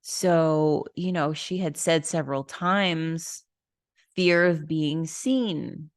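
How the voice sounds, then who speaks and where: A woman's voice: sits low, slow, no room sound, clean studio sound. A woman hosting a podcast, casually telling a personal story, candid and frank. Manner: candid, casual, swears and laughs. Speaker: podcast host.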